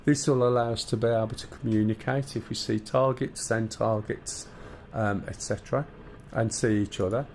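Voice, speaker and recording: A man with a Black Country accent from the English Midlands streams live, chatting casually with viewers while walking through cockpit start-up steps. His voice sits lowish and darkish, with a steady tone and moderate pace. He banters with chat as he explains, and a little hiss or hum runs underneath.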